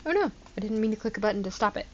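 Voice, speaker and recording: A woman's voice: medium pitch, animated, rapid-fire, dull audio, slight background noise. A woman streamer chatting casually over gameplay, talking to her viewers with exasperated disbelief and laughing at herself. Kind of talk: casual live gameplay commentary.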